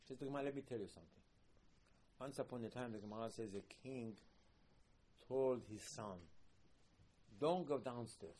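A man giving a sermon, telling stories in an animated way, repeating phrases for emphasis and raising his voice in loud bursts. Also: mid-range voice, breathy edge. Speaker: rabbi teaching.

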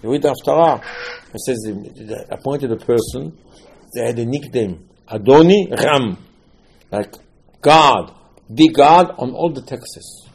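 A man's voice: mid-range voice, a little slow, breathy edge. A man giving a sermon on scripture, telling the stories with animation, acting out the quotes and repeating key words for emphasis. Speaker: religious teacher.

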